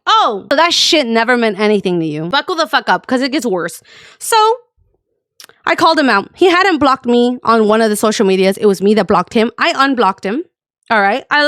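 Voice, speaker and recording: A woman's voice: on the high side, fairly bright tone, no echo, studio quality. A woman streamer venting to her chat in a blunt, profane, emotional rant. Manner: emotional, tearful at times. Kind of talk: emotional ranting vlog.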